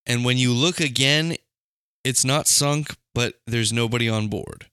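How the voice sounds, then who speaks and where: A young man from Alabama co-hosts a casual podcast. His tone is bright and forceful, and the recording is dry and close. He jokes around and works through guesses out loud. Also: mid-range voice, measured pace, clean tone, no echo. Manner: joking, thinks aloud while guessing. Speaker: podcast co-host.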